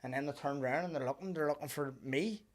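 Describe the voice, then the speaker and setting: Belfast man, podcast host, rapid delivery, animated storytelling, swears a lot. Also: a little high. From Northern Ireland. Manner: animated storyteller, swears freely, acts out quoted voices. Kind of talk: casual chat.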